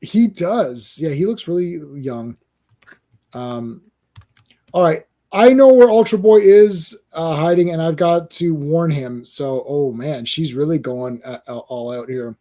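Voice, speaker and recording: A man's voice: a little high, measured pace, dark tone. A man hosting a casual comic-book podcast, talking in a rambling, hesitant way with lots of fillers. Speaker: podcast host.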